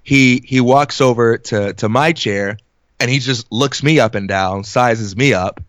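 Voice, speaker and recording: A young man in his twenties telling an animated, laugh-filled story in casual podcast chat. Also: medium pitch, measured pace, no echo, clean studio sound.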